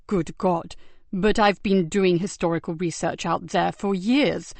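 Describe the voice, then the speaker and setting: A woman narrator voicing a polite, reserved man with a German accent who speaks slowly and softly. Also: high voice, fairly even intonation, creaky, no echo. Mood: polite, measured.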